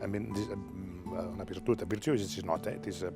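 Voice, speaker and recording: An older man from Catalonia, a native Catalan speaker with a Catalan accent, answering interview questions in halting English, repeating words and ending thoughts with "okay?". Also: low-pitched, steady tone, creaky, over music. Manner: halting, repeats words, frequent "okay?" tags, laughs often. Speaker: television producer, guest.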